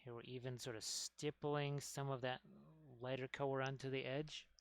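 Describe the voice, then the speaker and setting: Smooth-voiced man chatting while painting. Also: mid-range voice, level tone, moderate pace, no room sound. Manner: rambling, talks while working, chats with viewers. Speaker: miniature painting streamer. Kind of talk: casual painting tutorial chat.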